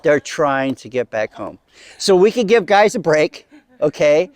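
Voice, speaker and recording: A man's voice: on the high side, big pitch swings, unhurried. A middle-aged man telling a comic story to a small live audience in a casual, chatty way. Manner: casual, chatty, acting out voices in quotes. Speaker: comedic storyteller.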